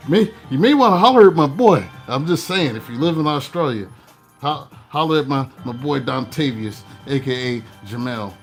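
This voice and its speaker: A man's voice: mid-range voice, lively intonation, normal speed, soft background music. A man hosting his own tarot channel, chatting in a laid-back, slangy, talkative way before leading a spoken blessing. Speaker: tarot reader and channel host. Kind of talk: casual chat and spoken blessing.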